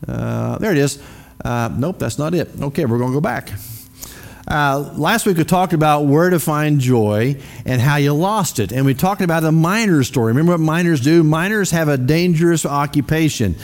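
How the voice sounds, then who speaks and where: A man's voice: a little high, expressive, normal speed, creaky. A man preaching a sermon in a casual, conversational way, often putting questions to the congregation. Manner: many fillers and restarts. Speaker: pastor.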